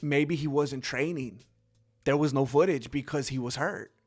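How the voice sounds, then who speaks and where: A man hosting a casual commentary stream, rambling and animated, often acting out quotes. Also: mid-range voice, moderate pace, soft background music. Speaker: host.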